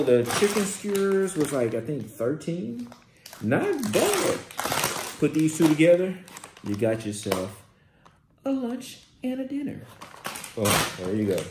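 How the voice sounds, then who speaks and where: Excitable man in an echoey room. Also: on the high side. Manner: excitable, exclaiming, reading out labels. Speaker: vlogger. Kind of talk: casual product haul review. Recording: echoey room with faint noise.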